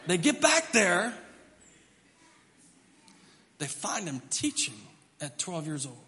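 High-voiced, animated preacher in a reverberant church. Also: male voice, slow pace. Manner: animated storytelling with acted-out voices. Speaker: pastor. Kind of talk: sermon. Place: church sanctuary.

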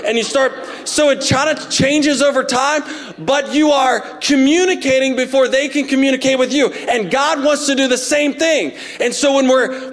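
Animated high-voiced pastor preaching. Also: male voice. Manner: animated, jokey, acts out parents and God in voices. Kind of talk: sermon.

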